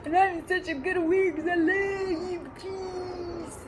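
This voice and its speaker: A woman's voice: very high voice, flat delivery, slow, background noise. A woman in a rambling monologue, repeating the same phrases over and over. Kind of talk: stream-of-consciousness monologue.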